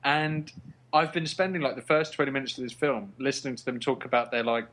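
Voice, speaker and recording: A man's voice: medium pitch, fairly even intonation, fairly quick, a bit bright. A man co-hosting a film podcast, ranting in casual chat with laughter and sarcastic asides.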